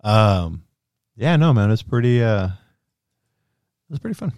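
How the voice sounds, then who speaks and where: A young man chatting loosely on a live stream, his pitch leaping around as he talks. He swears casually and breaks into laughter a lot. The sound is dry and close, with no room around it. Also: sing-song, a little slow, a little mellow, no echo. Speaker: stream co-host. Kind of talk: casual chat.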